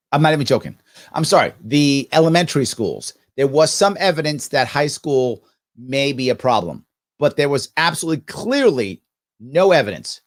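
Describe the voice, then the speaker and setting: A man, hosting a live ask-me-anything stream and telling stories with mocking voices and sarcastic asides. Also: medium pitch. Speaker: livestream host answering viewer questions.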